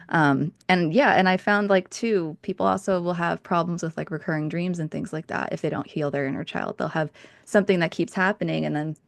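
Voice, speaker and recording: A woman hosting a podcast, talking in a loose, meandering way full of "like" and "um." Her voice sits deep and gravelly with a lot of fry, and it sounds dry and close to the mic. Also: dry recording. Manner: rambling, filler-heavy, reflective. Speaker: podcast host. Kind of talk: casual interview chat.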